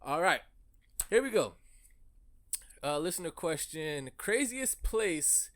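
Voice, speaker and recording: A man's voice: fairly high pitch, big pitch swings, slow. A young man hosting a podcast, telling a story in a casual, profane way and laughing through it. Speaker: podcast host.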